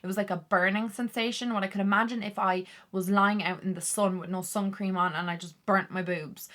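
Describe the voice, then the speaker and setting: A woman talks straight to her viewers in a loose, chatty vlog. Her voice is bright and forward, and her speech runs on freely with plenty of "like" fillers and open, candid asides. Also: medium pitch, fairly even intonation, a little fast. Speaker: vlogger. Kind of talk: casual talk to camera.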